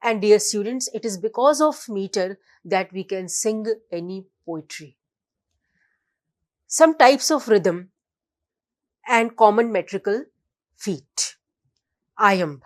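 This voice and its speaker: Slow, deliberate woman lecturing. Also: medium pitch, animated. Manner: slow, deliberate, reads out definitions and examples; fillers, restarts. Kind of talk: recorded classroom lecture.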